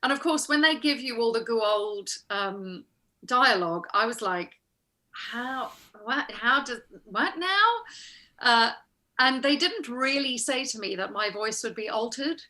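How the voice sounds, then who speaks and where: Bright-voiced chatty actress. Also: female voice, a little high, moderate pace. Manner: chatty, acts out quoted exchanges, laughs often. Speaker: guest actress. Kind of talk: casual interview storytelling.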